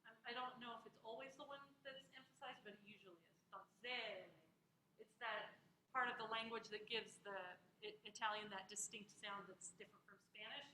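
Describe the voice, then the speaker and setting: Bright high-voiced woman teaching in an echoey room. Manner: drills pronunciation slowly, encouraging. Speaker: music instructor. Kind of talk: classroom diction lesson. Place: classroom. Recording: echoey classroom, faint noise.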